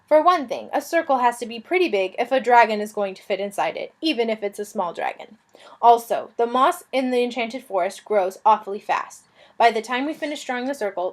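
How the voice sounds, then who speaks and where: A woman reading a children's fantasy novel aloud, telling it in a lively, expressive way. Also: on the high side. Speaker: reader.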